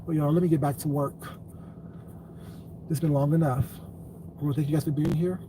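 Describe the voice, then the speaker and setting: A man's voice: fairly high pitch, fairly even intonation, a little fast. A man live-streaming, lecturing his chat about how to talk to people, blunt and repetitive. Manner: lecturing, then cursing angrily. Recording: distant mic, faint ambient noise.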